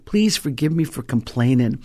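A woman pastor preaching a fervent, exhorting sermon, her voice leaping up in pitch for emphasis. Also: animated, normal speed, mellow.

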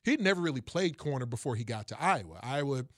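A man's voice: medium pitch, expressive, quick pace, no room sound, studio quality. A man in casual sports talk, analyzing a football prospect in detail and often repeating words as he starts a thought.

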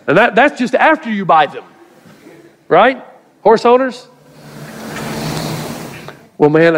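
A middle-aged male pastor preaching a sermon to a live congregation, telling stories earnestly with light humor. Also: fairly high pitch. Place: church before a live congregation.

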